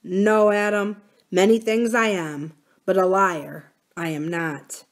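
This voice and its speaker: A woman's voice: medium pitch, steady tone, slow pace. Old rancher, earnest and grave, read by a woman. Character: wise old male Irish-born rancher, gentle.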